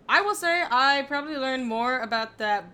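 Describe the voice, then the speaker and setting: A woman's voice: sits high, expressive, normal speed, sharp tone, clean tone. A young woman co-hosting a podcast, reading a summary aloud and chatting casually, laughing and swearing playfully. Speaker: podcast co-host.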